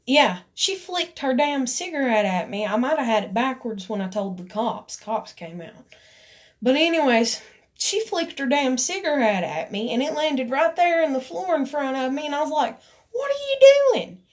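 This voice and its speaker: A woman's voice: high-pitched, normal speed. Riled-up woman telling a story. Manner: animated, riled up, swears casually, lots of "I was like" quoting. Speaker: vlogger. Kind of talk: heated personal storytelling. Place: her own room at home.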